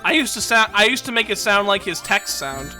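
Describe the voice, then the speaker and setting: With game music behind her, a woman streams a video game, rambling casually, poking fun at herself and laughing often. Her mid-range voice is sing-song and sharp, a little fast.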